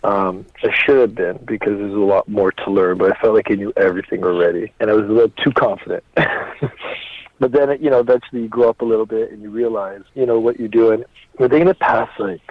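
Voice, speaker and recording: A man in his thirties, a pro wrestler guest on a podcast, telling stories in a relaxed way, chuckling often and swearing casually. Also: lowish voice, no room sound. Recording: dry, slightly dull podcast audio.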